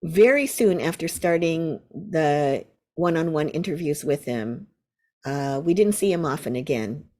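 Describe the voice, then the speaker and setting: Animated older woman telling a story. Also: low-pitched, a little slow. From United States. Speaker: Zen teacher, guest. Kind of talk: storytelling in an interview.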